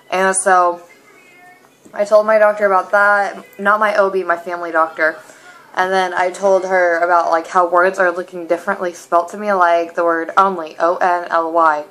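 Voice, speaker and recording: A young woman in a casual home vlog, talking in a rambling, halting way full of asides from her apartment. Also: on the low side, fairly bright tone, low-quality recording. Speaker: vlogger.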